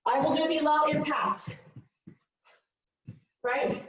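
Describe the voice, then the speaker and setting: Woman fitness coach, breathless and upbeat, slow unhurried cueing; dull, distant recording in an echoey studio. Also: sits high, steady tone, a bit bright. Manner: upbeat cueing with countdowns and whoops. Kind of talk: live workout instruction.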